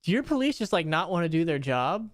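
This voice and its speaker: A man's voice: on the high side, big pitch swings, fast talker, dry recording, studio quality. A young man hosting a casual podcast, joking and incredulous, swearing as he reacts. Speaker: podcast host. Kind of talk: casual chat.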